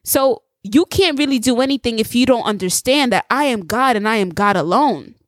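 A woman preaching a testimony sermon, telling her story in a lively way and putting questions straight to her listeners. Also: a little high, normal speed, no room sound, studio quality. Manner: animated storytelling, acts out dialogue; addresses listeners directly with rhetorical questions.

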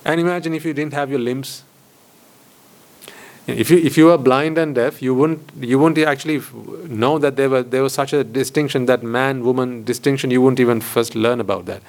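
Buddhist monk giving a questioning talk. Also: male voice, mid-range voice, steady tone, normal speed, a little mellow. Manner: questioning, rhetorical, repeats phrases for emphasis. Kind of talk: dharma talk to lay audience. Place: hall with board.

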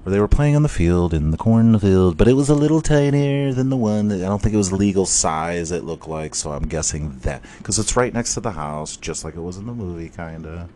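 A man hosting a podcast, telling a long story in casual, rambling talk full of swearing and excited bursts. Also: deep voice, a little fast, few pauses, a little hiss or hum. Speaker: podcast host.

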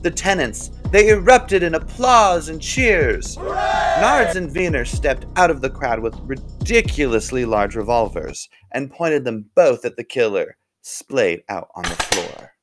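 A man's voice: mid-range voice, a little slow, hardly any pauses, over music. Guy telling a goofy story, voice bouncing all over, playful. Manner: lively, animated, playful. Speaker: narrator. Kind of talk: comic storytelling.

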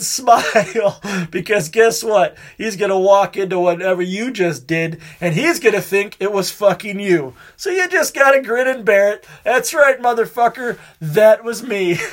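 A man hosting his own show, rambling through a crude monologue and swearing constantly. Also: high voice. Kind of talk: profane casual monologue.

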